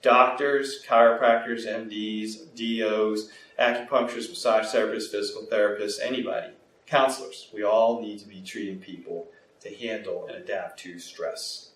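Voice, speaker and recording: Animated man in an echoey room. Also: fairly low pitch, moderate pace. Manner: animated, acts out quoted dialogue. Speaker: interview guest, health practitioner. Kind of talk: explanatory interview talk. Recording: echoey room, mic at a distance, faint noise.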